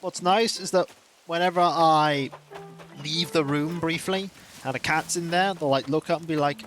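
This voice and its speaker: A man streaming a game and chatting casually in a rambling, animated way. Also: fairly high pitch, moderate pace. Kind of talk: casual chat while gaming.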